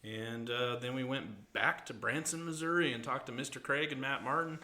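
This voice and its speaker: Bright-voiced man hosting a casual podcast. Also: medium pitch, normal speed. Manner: laughing, rambling storyteller. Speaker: podcast host. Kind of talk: casual chat.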